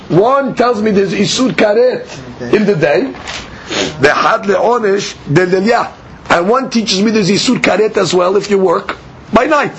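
A man with a notably high, light voice leads a study class lecture. He explains patiently, stopping to ask himself questions and then answer them. A faint hum of ambience sits under his voice. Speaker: teacher.

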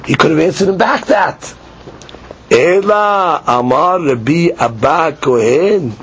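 A man teaching a lively Talmud class, acting out both sides of the argument. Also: on the high side, slow pace, a little hiss or hum. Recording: dull lo-fi recording.

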